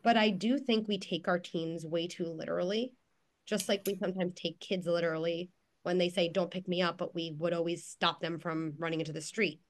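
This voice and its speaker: A woman's voice: lowish voice, steady tone, a little fast. Earnest woman psychologist giving parenting advice. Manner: earnest, reassuring, many restarts and "like". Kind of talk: conversational advice on a video call. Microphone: video call.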